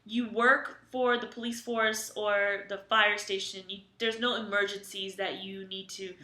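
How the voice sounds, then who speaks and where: A young woman co-hosting a podcast, chatting casually in an animated, emphatic, opinionated way. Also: mid-range voice, measured pace. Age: young adult. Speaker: podcast co-host. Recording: echoey room.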